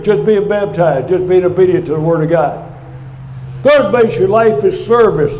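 An older man preaching a sermon in a church, telling a story with animated energy. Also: sits high. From United States. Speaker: guest speaker. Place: church sanctuary. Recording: echoey church sanctuary.

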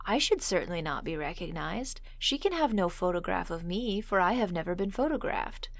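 A woman's voice: on the low side, animated, normal speed, no room sound. A woman voicing a petulant, timid young male suitor in a storybook reading, pleading and fussy.

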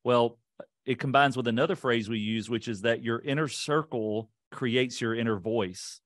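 A man guesting on a podcast, telling a self-deprecating story from his past in an animated, casual way and voicing the people in it. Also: mid-range voice, dry recording, clean studio sound. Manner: quick, lively retelling with voiced quotes.

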